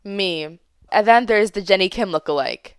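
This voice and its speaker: A woman's voice: mid-range voice, lively intonation, moderate pace, clear, resonant tone, no room sound, clean studio sound. Chatty young woman telling a story. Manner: chatty, dramatic, acts out quoted lines. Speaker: podcast host. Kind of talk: casual storytime monologue.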